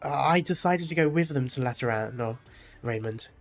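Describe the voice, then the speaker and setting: A man's voice: medium pitch, moderate pace, faint music behind, lightly acted. A man reading aloud the lines of a grief-stricken young winged woman from a game, in a mostly plain, lightly acted voice. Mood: anguished.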